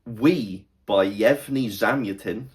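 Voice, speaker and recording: A man's voice: lowish voice, slow. A man appearing as a guest presenter, joking and fumbling his way through the names. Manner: joking, fumbling, self-deprecating. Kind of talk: casual chat.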